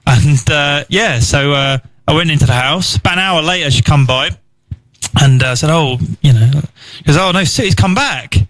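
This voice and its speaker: A man's voice: on the high side, normal speed, a bit bright, dry recording. A man, a radio co-host, telling a rambling, stumbling story in a casual chat. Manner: rambling, stumbling, laughing anecdote teller. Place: radio studio.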